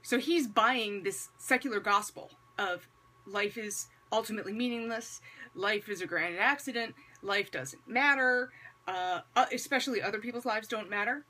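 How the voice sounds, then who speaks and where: A woman with a husky, slightly breathy voice delivers casual commentary to her viewers. She keeps it wry and conversational, stacking rhetorical questions and dry, sarcastic asides around a religious point. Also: mid-range voice, normal speed, sharp tone. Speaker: vlogger.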